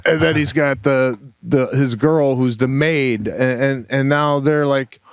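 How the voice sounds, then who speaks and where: A middle-aged man co-hosting a podcast, telling a story in casual comic chat, animated and mock-exasperated, with swearing. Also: medium pitch, a little slow, clear, resonant tone, dry recording, clean studio sound. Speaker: podcast co-host.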